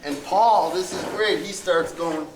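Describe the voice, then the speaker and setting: A man's voice: high voice, a little slow. A man casually telling a funny story at a birthday gathering, laughing as he talks. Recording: echoey hall with loud crowd noise.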